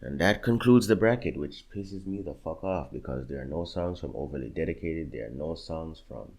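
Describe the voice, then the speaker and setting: A young man with a bass voice, lively intonation, a moderate pace, and a darkish tone creates a music bracket in casual reaction commentary. He agonizes over picks between songs, swearing often and muttering to himself while choosing.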